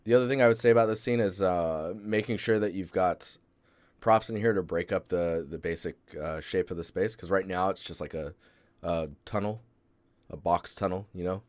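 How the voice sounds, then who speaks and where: A portfolio-review host with a very deep, low voice talks at normal speed through a casual live stream, laid-back and meandering, with many fillers and restarts. The sound is dry and close, with hardly any room present.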